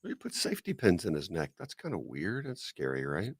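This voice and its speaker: Male co-host, low gravelly voice, lively swings in pitch, joking chat. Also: brisk, no echo, clean studio sound. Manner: joking, animated storyteller. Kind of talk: casual chat.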